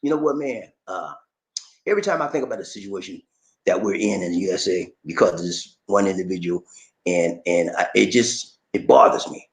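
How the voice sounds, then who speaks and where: A man hosting a casual livestream, reading viewer comments aloud and reacting to them in a lively, talkative way. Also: deep voice, fairly quick. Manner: animated, shouts catchphrases, reads comments aloud and reacts.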